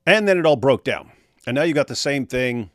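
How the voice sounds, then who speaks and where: A man hosting a casual livestream chat, in an ordinary mid-pitched voice. He rambles and jokes, drifting between thoughts. The sound is dry and close, with no room echo. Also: expressive, fairly quick, a bit bright. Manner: jokey and rambling, breaks into silly voices. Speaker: show host.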